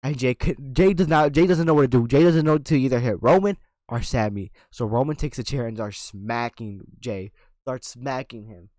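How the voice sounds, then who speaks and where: A man giving an excited, rambling recap of a wrestling event, with lots of restarts and shouted sound effects. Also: medium pitch, normal speed, no echo. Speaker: wrestling reviewer.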